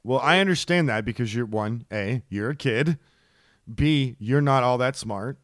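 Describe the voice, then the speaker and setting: A man co-hosting a casual comedy podcast who rants excitably and swears a lot. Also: medium pitch, measured pace, dry recording, studio quality. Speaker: podcast co-host.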